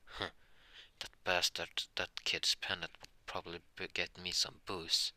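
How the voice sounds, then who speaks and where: A man voicing a sneering drunk male thief who taunts a child, in a low voice with a hard, bright edge. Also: little pitch movement, measured pace, no room sound, heavily acted. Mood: greedy. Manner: mocking, taunting.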